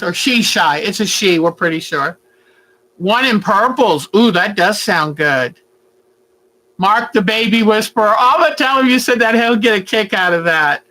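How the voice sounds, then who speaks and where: A woman, hosting a casual home livestream and chatting warmly with viewers about her day. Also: medium pitch, expressive, moderate pace, rough recording. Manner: chatty, talks baby talk to her pet bird. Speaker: quilting channel host. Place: at home, indoors.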